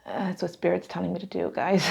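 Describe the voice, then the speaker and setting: A woman's voice: fairly low pitch, fairly even intonation, a little fast, gravelly, a little mellow, breathy edge. A woman doing a casual, emotional tarot reading to camera, rambling and laughing often, near tears. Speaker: tarot reader.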